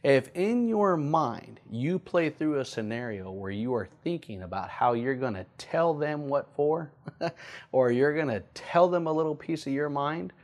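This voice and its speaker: A male pastor teaching a sermon, often repeating key points and slowing down to stress them. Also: a little high, animated, darkish tone.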